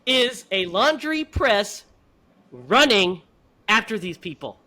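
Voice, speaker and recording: Animated, bright-voiced male podcast host. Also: high voice, slow pace. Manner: animated, profane, laughing retelling. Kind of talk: casual movie review chat.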